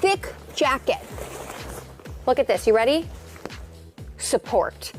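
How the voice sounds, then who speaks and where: A woman's voice: high voice, very animated, takes it slowly, faint music behind. A woman showing off her wardrobe in a reality show clip, emphatic and self-assured. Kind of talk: confident show-and-tell.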